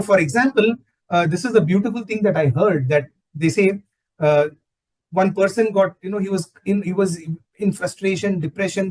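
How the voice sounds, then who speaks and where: Husky man giving a spiritual talk. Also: high voice, darkish tone, poor audio. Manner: storytelling, switches into Hindi phrases, frequent "you know". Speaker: satsang speaker.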